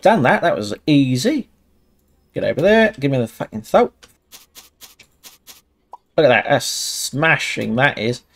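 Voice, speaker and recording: A man commentating a cooking game, swearing a lot and talking himself through each task. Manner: yelps high when things go wrong. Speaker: gaming channel host. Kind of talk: casual gameplay commentary.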